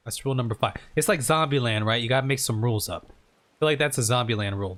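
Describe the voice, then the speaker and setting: A man talking casually and joking through a gaming reaction, chatty and quick to laugh. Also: medium pitch, a bit bright, soft background music. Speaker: streamer reacting to a game.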